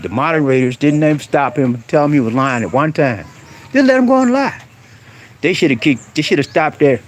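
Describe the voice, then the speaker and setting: A middle-aged man with a medium-pitched voice chats bluntly on a live stream from outdoors in the countryside, with slight background noise. He's preachy and direct, calling out to viewers in slang in a casual stream chat.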